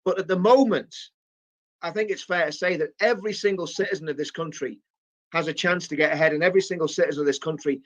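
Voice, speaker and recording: A man's voice: a little high, fast, a bit bright. A man with a northeast English accent talking politics earnestly, repeating phrases to build his point. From northeast England. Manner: earnest, repetitive, building emphasis. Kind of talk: political talk, earnest appeal. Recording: dull lo-fi clip.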